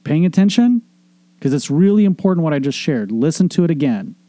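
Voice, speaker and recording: A man's voice: a little high, big pitch swings, brisk, dark tone, no echo. A middle-aged man hosting a show, giving an earnest, emphatic motivational monologue on relationships, with casual swearing and repeated phrases. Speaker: podcast host, relationship coach.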